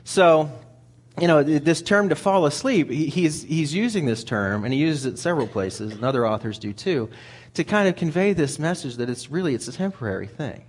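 A man's voice: on the high side, lively intonation, moderate pace. A man preaching a sermon in a conversational way, often repeating words as he thinks aloud.

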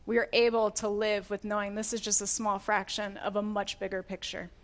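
A woman's voice: medium pitch, little pitch movement, a little fast. A woman giving a sermon, reading scripture aloud and explaining it earnestly, often laughing and correcting herself mid-word. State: getting emotional. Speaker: preacher.

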